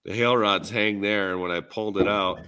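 A man's voice: fairly low pitch, fairly even intonation, brisk, pushed and bright, smooth. A man with a Minnesotan accent, rambling easily in a casual podcast chat with lots of fillers. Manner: rambling, easygoing, many fillers. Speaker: podcast co-host, dent repair tech.

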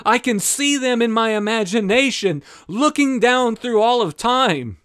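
Brief: male preacher, high voice, fervent and emphatic, urgent then hushed. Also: lively intonation, a little slow, clean tone. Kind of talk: impassioned sermon.

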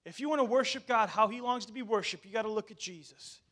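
A man's voice: high-pitched, quick pace. A male pastor delivering a sermon. He talks to the congregation directly and mixes scripture with chatty asides and restarts. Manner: animated, addresses the congregation directly.

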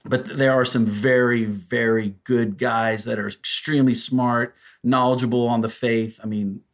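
A man telling stories as a podcast guest, animated and acting out the voices of people he quotes. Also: medium pitch, moderate pace. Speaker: guest, prison ministry volunteer. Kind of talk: storytelling in a podcast interview.

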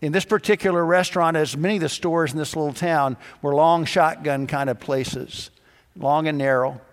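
A pastor delivering a sermon, telling stories and acting out the dialogue in different voices. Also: male voice, on the high side, steady tone, moderate pace, long reverb tail. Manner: storytelling, acts out dialogue in quoted voices.

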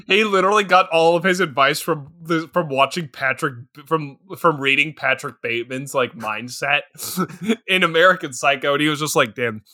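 A man's voice: on the high side, normal speed. A man co-hosting a podcast, riffing on a bad movie with sarcastic jokes and frequent laughter. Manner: laughs often, animated, sarcastic. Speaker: podcast co-host. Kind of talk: casual comedic movie riffing.

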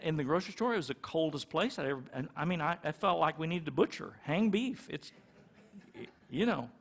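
Middle-aged guy preaching, kinda high voice, chatty, does little voices for the people in his stories. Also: creaky. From California. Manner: conversational, acts out little quoted exchanges. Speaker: pastor. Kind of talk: sermon.

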